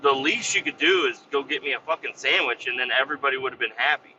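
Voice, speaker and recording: A man's voice: mid-range voice, quick pace, bright, forceful tone, highs cut off, slight background noise. A man, a podcast host who works as a vac truck operator, telling a story in a profane, exasperated, rambling rant. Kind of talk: casual ranting storytelling.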